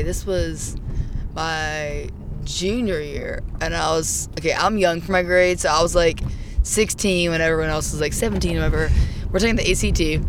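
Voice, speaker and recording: A young woman telling personal stories as a guest in casual chat. She is animated and profane, and shouts when reenacting her own outbursts. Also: fairly low pitch, noisy background. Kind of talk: casual storytelling.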